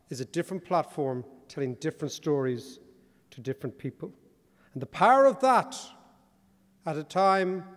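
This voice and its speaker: An Irish man delivers a conference keynote in a wry, joking, animated way. His voice sits high for a man. The sound carries the long reverb of a large hall. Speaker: keynote speaker. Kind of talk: conference speech.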